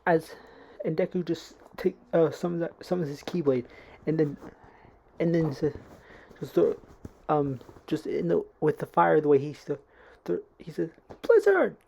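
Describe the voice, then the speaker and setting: A woman with a low, dark, gravelly voice rambles through a fan-made story, stopping and restarting all the time. She is on a computer mic at home, lo-fi with a faint hiss. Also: fairly even intonation. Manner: halting, full of restarts and fillers. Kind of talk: rambling fan-fiction retelling.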